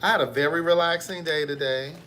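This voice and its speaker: A man hosting a casual live stream, reading viewer comments with sassy, animated storytelling. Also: on the high side, fairly quick.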